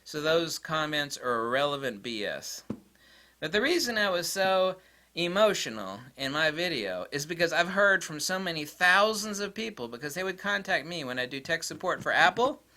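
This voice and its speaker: A man rants straight to camera with blunt, exasperated energy. His fairly high voice swings widely in pitch and stays bright and forceful throughout. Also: expressive, moderate pace. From United States. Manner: mocks critics in high squeaky voices. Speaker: tech vlogger. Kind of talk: casual rant to camera.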